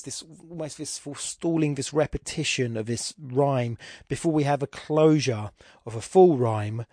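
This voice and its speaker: A man's voice: a little high, lively intonation, normal speed, a little mellow, dry recording, clean studio sound. A man with an Irish accent hosting a podcast, talking through a poem's form casually and thinking aloud with frequent restarts. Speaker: podcast host. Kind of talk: casual spoken poetry analysis.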